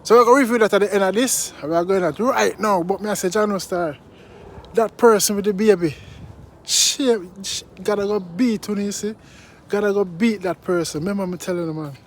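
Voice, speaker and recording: A Jamaican man vlogging straight to his viewers, his voice pitched high for a man. He sounds indignant and preachy and slides into thick patois. A faint hiss sits under the recording. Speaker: vlogger and song reviewer. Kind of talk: casual commentary to camera.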